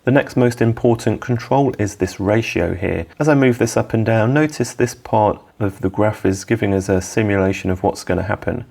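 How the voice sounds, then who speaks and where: A man calmly and methodically explaining audio editing steps in a software tutorial. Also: fairly low pitch, creaky. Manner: calm, methodical step-by-step explaining. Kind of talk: screen-recorded software tutorial.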